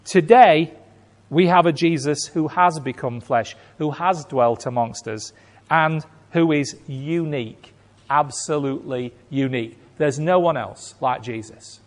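A man's voice: a little high, a little slow. A man preaching a sermon in an emphatic, rhetorical way, acting out imagined reactions and repeating key phrases. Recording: long hall reverb.

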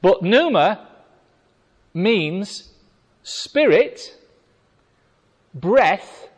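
A man's voice: sits high, big pitch swings, extremely slow. A British man preaching a sermon in a chatty, wry way, reading scripture and talking with the congregation. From Britain. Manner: conversational, wry asides to the congregation. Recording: reverberant hall.

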